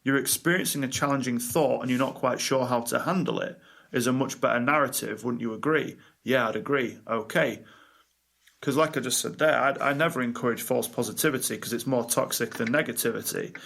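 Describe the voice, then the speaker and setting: Lively, direct male life coach. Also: mid-range voice, vocal fry. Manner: animated storytelling, quick asides and laughs. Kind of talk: podcast interview conversation.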